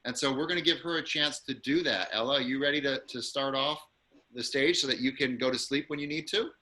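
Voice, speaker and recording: Male acting-class host on a video call, very bright voice, encouraging, upbeat. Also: mid-range voice, brisk.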